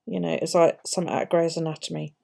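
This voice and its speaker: A woman's voice: deep voice, little pitch movement, fast, vocal fry, darkish tone. A middle-aged woman with an English accent, chatting casually and swearing freely while she works on her bullet journal and tells stories.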